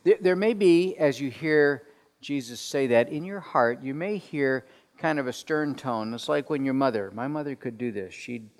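A man leading a group Bible study in a conversational sermon style, asking questions and swinging from soft to emphatic. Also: mid-range voice, moderate pace. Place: room with people around tables. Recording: long hall reverb.

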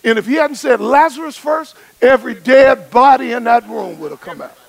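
High, gravelly preacher man. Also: expressive, moderate pace, rough recording. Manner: emphatic, rhythmic repetition. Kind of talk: sermon.

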